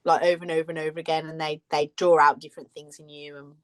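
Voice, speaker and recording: A woman with a fairly low voice co-hosts a relaxed podcast chat. She rambles through her stories and laughs often as she talks. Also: fast. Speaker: podcast co-host. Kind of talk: casual chat.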